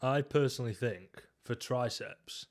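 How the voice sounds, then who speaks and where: A man's voice: medium pitch, unhurried. A young man, co-hosting a casual podcast about gym training. He is opinionated and jokey, and he drives the ranking of exercises. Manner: opinionated, joking, leads the ranking. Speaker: podcast co-host.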